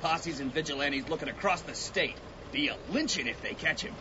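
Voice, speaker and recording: An actor playing a suspicious, hostile ranch guard hunting a fugitive in a radio drama, with a sneering, interrogating drawl. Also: male voice, on the high side, brisk, natural voice. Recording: dull, with clear outdoor hiss.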